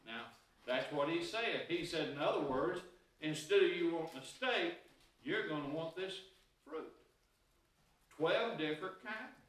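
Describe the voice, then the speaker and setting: A man's voice: a little high, animated, unhurried, long pauses, a bit bright. A man preaching a sermon as pastor, mixing Scripture with folksy, homespun stories from his own life. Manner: folksy storytelling with homespun anecdotes. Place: church sanctuary. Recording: very echoey room, voice heard from a distance.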